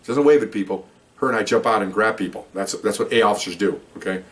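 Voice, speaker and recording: Older retired cop rattling off a story quick, chatty, goes off on side tangents. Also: male voice, lowish voice, a bit bright. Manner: conversational, rambling, with many asides. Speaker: retired police officer. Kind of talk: storytelling monologue.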